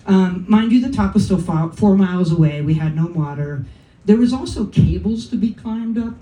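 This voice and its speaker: Her medium-pitched voice is expressive and mellow, at a normal speed, as this Californian woman does live comic storytelling in a comedy club. She spins a wry, self-deprecating personal story with profane asides, and the crowd laughs. Picked up by a distant mic, the sound is roomy, with faint room ambience.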